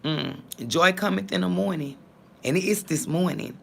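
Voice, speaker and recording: A woman vlogger, talking bluntly to her viewers, cursing and swinging between calm and heated. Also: lowish voice, measured pace, gravelly, a little hiss or hum. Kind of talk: casual talk to viewers.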